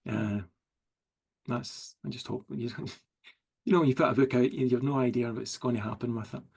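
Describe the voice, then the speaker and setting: A Scottish writer in a relaxed video-call interview, easygoing and often chuckling as he talks. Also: medium pitch, normal speed, creaky, slightly rough. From Scotland. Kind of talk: casual interview chat.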